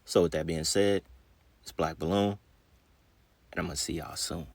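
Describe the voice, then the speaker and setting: A man's voice: sits low, steady tone, normal speed, vocal fry. A man hosting his channel, reading an article aloud and then commenting, his speech a little slurred after a dentist visit. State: just back from the dentist. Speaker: channel host.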